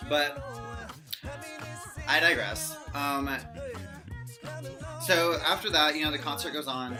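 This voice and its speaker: A woman's voice: low-pitched, slow, pauses often. Gushing young woman, music behind. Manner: gushing fangirl, giggly, animated quoting. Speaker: vlogger. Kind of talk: excited casual storytelling.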